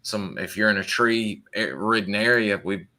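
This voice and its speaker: Man, Southern US accent, podcast host, low-pitched, forceful bright tone, casual rambling questions. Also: normal speed. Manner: rambling, filler-heavy, reads listener questions. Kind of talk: casual interview.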